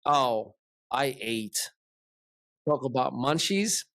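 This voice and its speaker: A man's voice: mid-range voice, slow, dry recording, clean studio sound. A man hosting a podcast, casually telling a long story and acting out the voices of the people in it. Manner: animated, acts out dialogue in his retelling. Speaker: podcast host.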